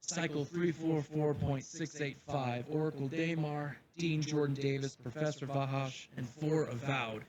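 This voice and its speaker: A man voicing a grave male headmaster who gives a solemn, measured address to his students, recorded from a distance in an echoey room with faint ambience. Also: a little high, fairly even intonation, muffled recording, a crowd in the background, voice pushed up, natural voice.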